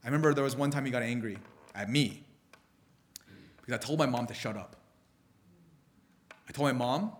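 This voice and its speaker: A man preaching a sermon, telling stories in an animated way and often restarting his sentences. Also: medium pitch, a little fast, pauses often, slight background noise. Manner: animated storytelling with frequent restarts.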